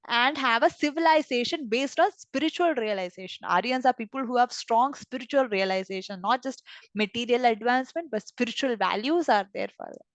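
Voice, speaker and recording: A woman reading from scripture and explaining it in a devotional class, expressive, often laughing and giving everyday examples. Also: fairly high pitch, no room sound, low-quality recording. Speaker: scripture reader and teacher.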